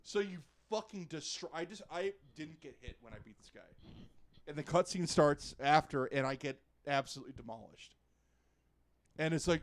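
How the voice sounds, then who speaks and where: A man's voice: on the high side, expressive, normal speed. A young man co-hosting a podcast, ranting about a game in an exasperated, sarcastic way and swearing a lot. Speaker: podcast co-host. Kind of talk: casual game review rant.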